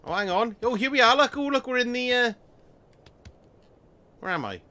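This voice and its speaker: Cheeky bright-voiced man gaming. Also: very high voice, lively intonation, normal speed. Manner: chatty, cheeky, swears and laughs a lot. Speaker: gaming streamer. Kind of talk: casual let's-play commentary.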